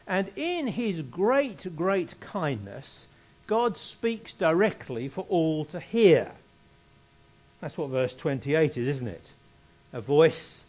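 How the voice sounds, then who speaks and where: A man preaching a sermon, reading scripture aloud and repeating key phrases for emphasis. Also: on the high side.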